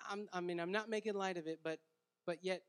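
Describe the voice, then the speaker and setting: A man preaching a sermon as pastor, reading scripture aloud with force and dropping to hushed asides, chatty with frequent "right?" between points. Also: high voice, steady tone, fairly quick, clear, resonant tone. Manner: conversational, with fillers like "right?" and "man".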